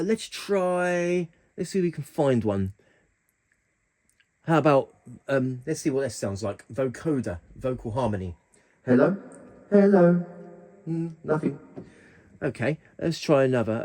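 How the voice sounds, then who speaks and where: Guy showing off keyboard features, chatty and a bit hesitant, mellow tone. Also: fairly high pitch. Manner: chatty, hesitant with fillers and restarts. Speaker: keyboard tutorial host. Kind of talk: casual tutorial walkthrough.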